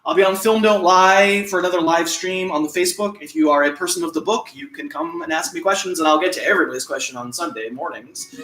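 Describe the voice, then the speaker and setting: A man's voice: fairly high pitch, fast talker. A man hosting a casual livestream, reading viewer comments aloud with a chatty, self-deprecating manner and frequent laughter. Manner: chatty and self-deprecating, laughs often, plays and sings along on guitar. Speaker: livestream host. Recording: roomy sound with loud guitar. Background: acoustic guitar playing.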